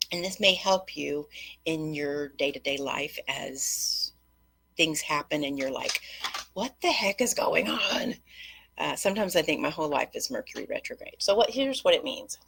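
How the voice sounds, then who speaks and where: This middle-aged host's rough recording comes across a bit bright as she rambles straight to her audience, darting off on quick tangents. She speaks low, with a husky, gravelly, slightly rough texture.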